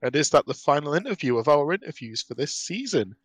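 A man's voice: on the high side, big pitch swings, fairly quick, husky, dry recording. A man co-hosting a podcast in casual chat, chatty, teasing and enthusiastic. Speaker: podcast co-host.

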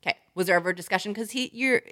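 A woman co-hosting an advice podcast, animated and frank, laughing often and swearing casually. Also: mid-range voice, racing. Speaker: podcast co-host.

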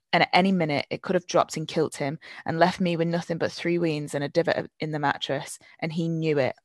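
A woman's voice: low voice, no echo, studio quality, lightly acted. A woman reading aloud the lines of a bitter, weary older neighbour from a novel, in a plain voice without a put-on accent.

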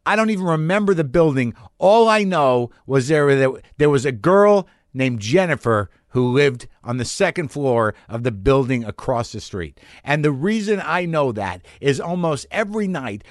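A man's voice: a little high, expressive, moderate pace, hardly any pauses, no echo, clean studio sound. A man in his forties hosting a podcast from his garage, telling a rambling, profane story and questioning himself as he goes. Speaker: podcast host. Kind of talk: casual monologue. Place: home garage studio.

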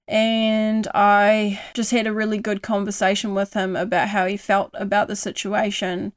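A woman's voice: mid-range voice, little pitch movement, normal speed, few pauses, smooth. A young woman with a New Zealand accent, talking earnestly in a casual conversation. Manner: earnest, softens her voice when voicing kind self-talk. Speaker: guest.

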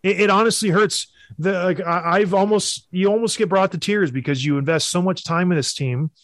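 A man, a former hockey player, co-hosting a casual sports talk show and telling stories with animated emphasis. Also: sits high, brisk, no echo.

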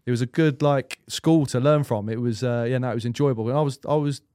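A quick-talking man in his thirties tells rambling, swear-laced stories on a podcast. His voice sits at a middling pitch. The sound is close and dry, with no room echo. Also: warm tone, clean tone. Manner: chatty, rambling anecdotes with frequent restarts and swearing. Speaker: guest goalkeeper. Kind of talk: casual storytelling chat.

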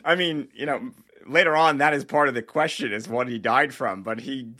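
A man's voice: medium pitch, normal speed, pushed and bright. A man co-hosting a film podcast in casual chat, wry and joking, with laughs between points. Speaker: podcast co-host reviewing a film.

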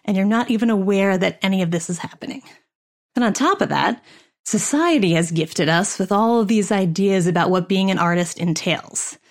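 A woman's voice: medium pitch, normal speed. A woman who is an actor gives a motivational talk in a candid, wry way with plenty of swearing. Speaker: actor and coach.

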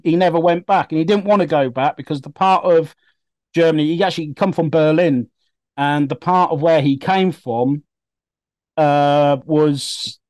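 A man's voice: on the high side, darkish tone, no echo. Chatty man, rambling storyteller. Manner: rambling, many fillers and restarts. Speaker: podcast co-host. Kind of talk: casual storytelling.

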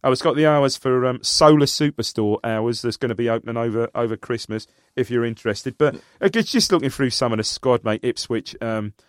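A man co-hosting a casual podcast, talking in a matey, excitable way. His voice sits at an ordinary pitch. The sound is dry and close. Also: a little fast, hardly any pauses, no room sound. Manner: matey, excitable, calls partner "mate". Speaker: podcast co-host. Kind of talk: casual chat.

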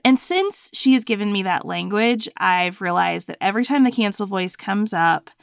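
Gravelly-voiced woman podcast co-host. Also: medium pitch, moderate pace, no room sound, studio quality. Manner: conversational, chatty, storytelling. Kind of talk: casual chat.

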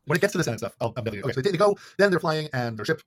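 Fast-talking rambling male podcast host. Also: a little high, very animated. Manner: rambling, filler-heavy, acts out quotes in silly voices. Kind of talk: casual movie recap chat.

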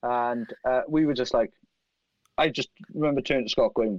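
A man from South Wales with a Welsh accent, telling animated, profane anecdotes and acting out other people's lines. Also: medium pitch, moderate pace, no room sound. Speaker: guest musician. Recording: dry, slightly dull lo-fi sound.

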